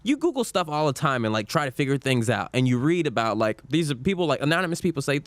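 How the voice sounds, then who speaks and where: A man's voice: mid-range voice, big pitch swings, quick pace, few pauses, no room sound. A man co-hosting a casual podcast who laughs easily and fills his talk with "like". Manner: laughs easily, says "like" a lot. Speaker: podcast co-host. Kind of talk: casual chat.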